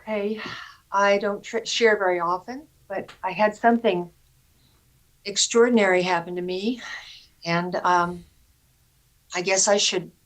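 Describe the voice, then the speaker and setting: A woman slowly telling a personal story to a meditation group over a video call, earnest and halting, with pauses and fillers. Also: medium pitch, fairly even intonation, rough recording.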